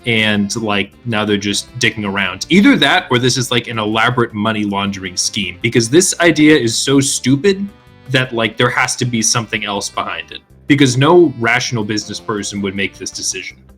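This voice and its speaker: A man in a casual group chat, sarcastic and deadpan. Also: lowish voice, moderate pace, soft background music. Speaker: podcast co-host.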